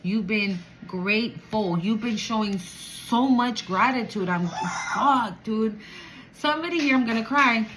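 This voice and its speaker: A woman giving a channeled spiritual reading to viewers, emotional and animated, swearing casually. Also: a little high, a little slow, a little hiss or hum, rough recording. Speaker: spiritual reader.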